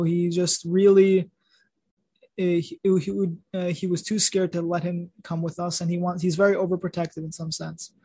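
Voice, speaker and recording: High-voiced man retelling a Torah story. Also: dark tone, no room sound. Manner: rambling, many restarts and fillers. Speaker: podcast host.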